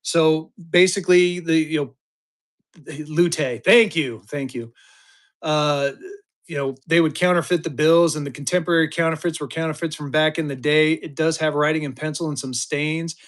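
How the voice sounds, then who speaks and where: Excitable fifty-something man auctioning to chat. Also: fairly high pitch, normal speed. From Colorado. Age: 50s. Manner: excitable, chatty, mild cursing, hypes items to chat. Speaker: live-stream auction seller. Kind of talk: casual live-stream selling.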